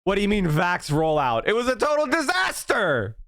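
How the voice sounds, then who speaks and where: A male political commentator from Pennsylvania ranting on a live stream, heated and profane, often breaking into shouts. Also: sits high, huge pitch swings, normal speed.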